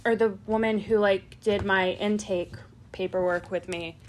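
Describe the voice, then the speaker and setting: A woman's voice: medium pitch, fairly even intonation, unhurried, darkish tone. A woman co-hosting a podcast in casual chat, rambling through stories and laughing often. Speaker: podcast co-host.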